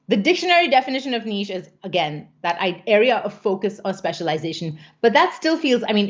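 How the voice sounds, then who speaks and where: A woman's voice: mid-range voice, highs cut off. A woman coaching her viewers in a casual live stream, chatty and playful, often laughing.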